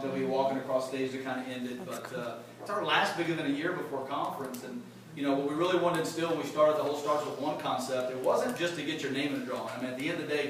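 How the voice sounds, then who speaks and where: A man's voice: on the high side, a bit bright. Chatty man addressing a crowd in an echoey hall. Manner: chatty, joking, quizzes the crowd. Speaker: sales executive speaking at a company event. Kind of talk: casual motivational talk to a live audience. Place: large echoey event room with an audience. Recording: echoey room, far mic, background noise.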